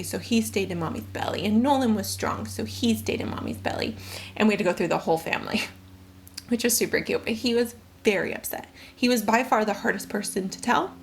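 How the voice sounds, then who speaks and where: Young woman vlogger, slightly high voice, candid emotional storytelling. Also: creaky. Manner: candid, emotional, rambling with fillers. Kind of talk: personal storytelling to camera.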